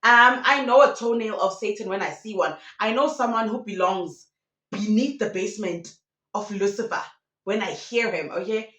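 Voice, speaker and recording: A woman's voice: fairly high pitch, brisk, a bit bright. A woman retelling a story in a dramatic, mocking way, often slipping into the voices of the people in it. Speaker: commentator retelling a radio prank. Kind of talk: animated storytelling commentary. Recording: roomy echo.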